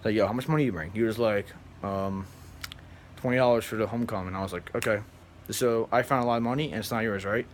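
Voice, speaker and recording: A man vlogging, telling a story to his viewers in a rambling, animated way and flatly mimicking other people. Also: lowish voice, quick pace, a little hiss or hum. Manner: animated, rambling, acts out others in flat mumbles. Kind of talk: casual storytelling to camera.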